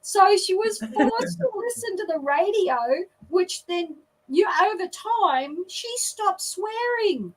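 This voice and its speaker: A woman, a guest telling a lively story in an interview. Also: very high-pitched, slow, distant mic, poor audio.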